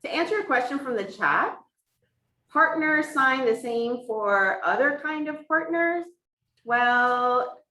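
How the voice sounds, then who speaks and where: In a classroom running a hybrid in-person and online session, a woman gives voice to a teacher's sign language lesson, speaking in the first person and walking through each point in order. Her voice sits on the high side, pushed and bright, and the echoey recording was made from a distance.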